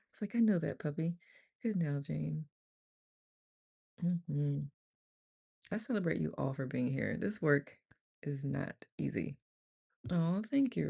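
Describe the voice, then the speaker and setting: Woman, group leader, gravelly voice, chatty, rambling, laughs often, casual online session. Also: deep voice, slow pace, pauses often, mellow. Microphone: on camera, computer mic.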